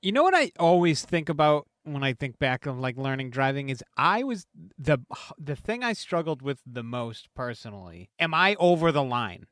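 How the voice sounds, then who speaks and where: A man's voice: mid-range voice, big pitch swings, moderate pace, fairly bright tone, dry recording, studio quality. A man co-hosting a podcast, chatting casually and thinking back on his own memories. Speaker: podcast co-host. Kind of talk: casual chat.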